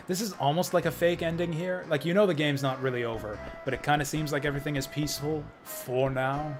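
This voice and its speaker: A man's voice: on the high side, steady tone, fairly quick, hardly any pauses, soft background music. A man streaming a video game, chatting casually and wryly thinking aloud as he plays. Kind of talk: casual let's-play commentary.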